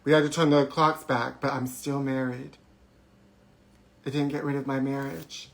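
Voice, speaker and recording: A man hosts a live trash-talk show in a campy, gossipy, theatrical monologue, hopping from one topic to the next, having forgotten to put on his microphone. His mid-range voice is gravelly with little pitch movement, moving at a moderate pace with long pauses.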